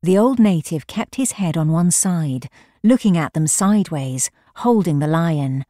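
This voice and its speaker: A woman reading a literary short story aloud in a measured, unhurried storytelling manner. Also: on the low side, expressive, warm tone, dry recording, studio quality. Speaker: reader.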